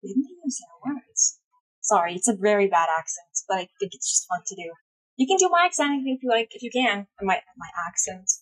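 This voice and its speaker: A young woman live streaming, chatting casually with her chat, blunt and swearing freely, her voice swinging from loud to hushed. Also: mid-range voice, animated, fairly quick, rough recording.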